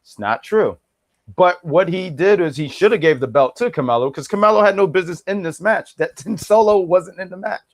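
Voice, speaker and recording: A man's voice: sits high, brisk. A man co-hosting a wrestling podcast, chatting casually with a joking, mock-boastful manner. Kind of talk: casual chat.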